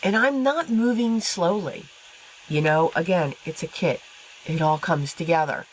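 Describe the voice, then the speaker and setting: A woman's voice: on the low side, unhurried, slight background noise, rough recording. A woman with a stuffy nose from allergies, chatting casually as she explains her card-making while she works. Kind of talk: casual crafting tutorial.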